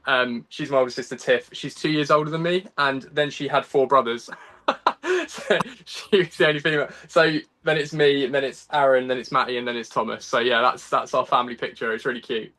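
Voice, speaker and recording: A chatty young Englishman with a bright, forceful voice, talking as a guest over a video call. He laughs easily, pokes fun at himself, and fills his talk with ums and false starts. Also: medium pitch, fairly even intonation, fairly quick. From England. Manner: chatty and self-deprecating, laughs often, lots of ums and restarts. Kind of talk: casual interview chat.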